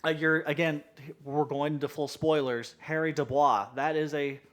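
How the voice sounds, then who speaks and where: Higher-pitched man hosting a chat. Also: fairly even intonation, normal speed. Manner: leads with questions, rambling restarts. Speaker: podcast host. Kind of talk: casual chat.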